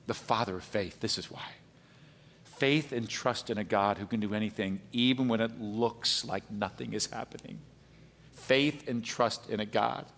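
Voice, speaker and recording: A man pastor preaching a sermon, animated, swinging between emphatic high peaks and quiet, low asides. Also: vocal fry, a little hiss or hum. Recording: long hall reverb.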